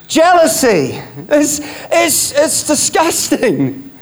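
Emphatic New pastor, higher voice. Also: male voice, moderate pace. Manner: emphatic, repeats key phrases, rhetorical questions. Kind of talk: sermon.

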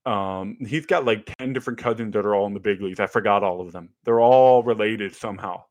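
A man's voice: fairly low pitch, a little fast, no echo. A young man chatting casually as a podcast co-host, telling stories with lots of fillers and restarts. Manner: animated storytelling with fillers and restarts. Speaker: podcast co-host, former ballplayer. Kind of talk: casual chat.

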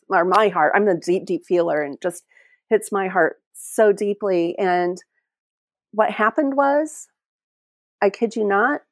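A middle-aged woman telling a personal story as an interview guest, heartfelt and halting, often restarting her sentences. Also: on the low side, no room sound, studio quality. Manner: halting, heartfelt, many restarts and trailing phrases. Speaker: interview guest, end-of-life caregiver.

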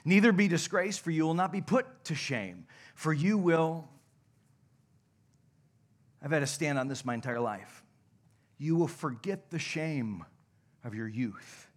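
A young adult male pastor preaching a sermon, telling stories animatedly and dropping to a hush at points. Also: on the high side, unhurried, long pauses. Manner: animated, shouts and laughs in stories, drops to a hush. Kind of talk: sermon with storytelling. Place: church sanctuary.

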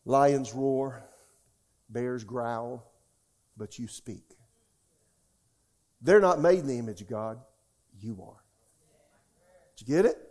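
Older male preacher, dark mellow tone, emphatic sermon delivery with call-outs to the congregation. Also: mid-range voice, slow, pauses often. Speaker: pastor.

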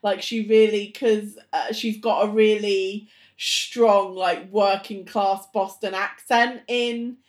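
A woman co-hosting a podcast, exclaiming excitedly and giving strong opinions in a casual chat. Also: mid-range voice, slow pace. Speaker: podcast co-host.

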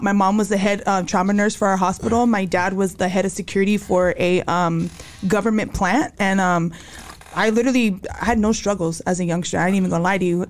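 A young adult woman telling her life story as a podcast guest, candid and slangy, acting out quotes. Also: medium pitch. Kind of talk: casual storytelling interview.

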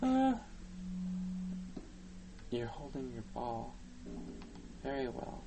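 A man's voice: medium pitch, big pitch swings, extremely slow, creaky, noisy background. A man co-hosting a casual gaming chat while playing a horror game, jumpy, shrieking and whispering by turns. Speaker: gaming podcast co-host.

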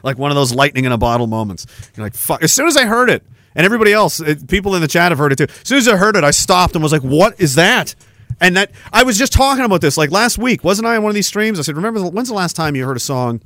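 A man's voice: high voice, lively intonation, rapid-fire, bright, forceful tone, dry recording. A man hosting a live stream, chatting casually in a rambling, profane way and laughing often. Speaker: podcast host. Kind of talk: casual livestream chat.

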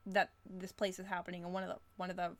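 A woman's voice: fairly low pitch, monotone, fast talker, dry recording. Young woman, podcast co-host, rambling chat, lots of restarts. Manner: rambling, many restarts and "like" fillers. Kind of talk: casual chat.

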